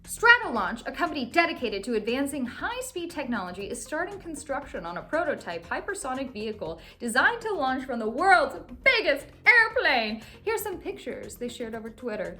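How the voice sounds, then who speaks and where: A woman's voice: sits high, sing-song, moderate pace, fairly bright tone. A young woman hosting a casual scripted news recap, cracking playful jokey asides. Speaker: host.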